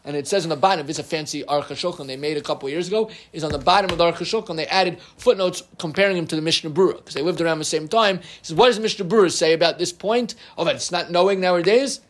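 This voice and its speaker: A middle-aged man teaching an informal Torah class, animated, with humorous asides and frequent restarts. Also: on the high side, very fast, few pauses.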